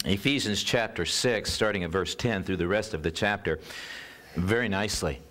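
An American man preaching a sermon as pastor, telling a story in an unhurried, earnest way. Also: low voice, fairly bright tone.

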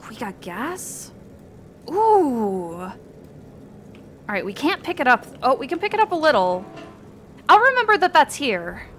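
A young woman streamer talks her viewers through a horror game in a fairly high voice that leaps all over the place. She drops into hushed, cursing mutters, then bursts out loud and laughing. Faint game ambience hums underneath. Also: very animated, measured pace, pauses often, slight background noise. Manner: swings between muttered whispers and loud laughing outbursts, swearing. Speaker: VTuber streamer. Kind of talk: casual gameplay commentary.

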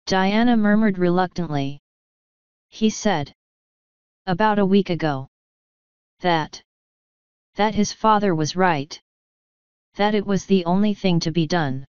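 A woman narrates a mystery audiobook at an unhurried pace, her voice lowish and remarkably smooth and clear. The recording is dry and close, with a slightly muffled, lo-fi tone. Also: darkish tone, no room sound. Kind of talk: scripted narration.

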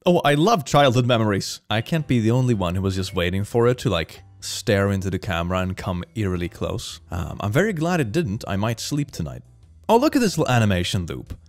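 A man giving casual, animated commentary on video clips, laughing often and breaking into quick exclamations. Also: fairly low pitch, faint music behind. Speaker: reaction video host.

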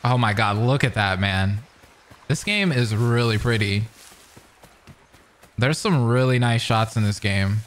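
A young man giving casual, excitable let's-play commentary, often laughing and exclaiming. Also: mid-range voice, a little slow, pauses often. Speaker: gaming commentator.

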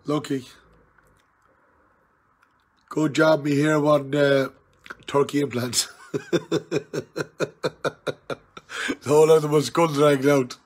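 A tipsy man with an Irish accent on a live stream, loudly teasing and challenging an old friend in rowdy banter. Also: fairly high pitch, flat delivery, a little slow, long pauses. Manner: loud, jokey, challenging and teasing. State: tipsy from drinking.

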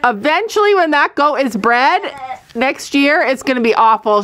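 Outside on a farm surrounded by animals, a woman with a voice on the high side talks at normal speed with children for her vlog. The casual chat is lively and playful, with frequent laughter and simple explanations. Farm noise runs through the outdoor recording.

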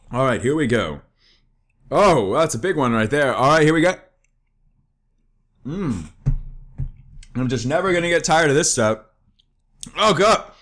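A young man giving joking gaming commentary while eating wasabi, groaning and yelping, his voice strained from the spice. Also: fairly high pitch. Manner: excitable, joking, yelps and groans from spicy food. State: eyes watering, voice strained from wasabi. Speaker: gaming YouTuber.

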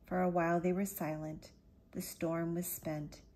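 A woman narrates a storybook with a quiet, even delivery. Her voice is husky and sits low for a woman. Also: unhurried. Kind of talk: storybook reading.

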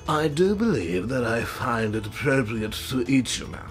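A genteel cartoon dinosaur with a posh British accent and a rough, gravelly rumble, as a man puts him on. He speaks with courteous menace, and his voice swoops through a wide range. A little music plays faintly behind. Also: very animated, moderate pace, natural voice. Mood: politely hungry. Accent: posh British, put on. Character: posh, gravelly, polite male T-Rex.

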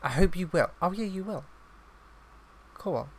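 A man's voice: sits high, animated, unhurried. A man giving casual let's-play commentary on his own gameplay, chatty and easily flustered, exclaiming again and again when things go wrong. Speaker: gaming YouTuber.

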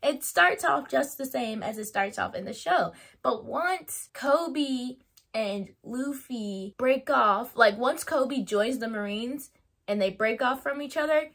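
A woman giving her opinions in a casual vlog, chatty and animated, laughing often and filling her talk with "like". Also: high voice, a little slow, slightly rough. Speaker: YouTuber reviewing a TV show.

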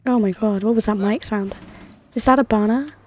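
A woman's voice: mid-range voice, a little fast, darkish tone, slight background noise. A woman hosting a live gaming stream, chatty and teasing with friends. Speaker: streamer host.

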